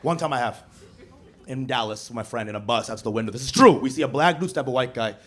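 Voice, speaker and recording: A man performing a stand-up comedy set on a club stage, joking in an animated way with a handheld mic. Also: medium pitch, fast. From Bangladesh. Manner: animated, jokey delivery with frequent laughter. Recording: live club recording, loud crowd laughter.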